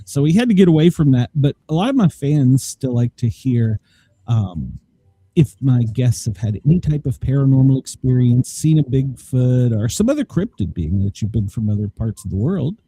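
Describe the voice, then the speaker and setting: A man's voice: medium pitch, very animated, normal speed, warm tone, husky, dry recording. A man hosting a casual podcast, rambling with many fillers. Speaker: podcast host.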